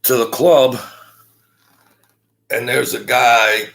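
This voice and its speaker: A man telling a story in a halting way, with many fillers and restarts, acting out the voices of the people he quotes. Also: mid-range voice, fairly even intonation, creaky, a bit bright. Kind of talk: casual storytelling.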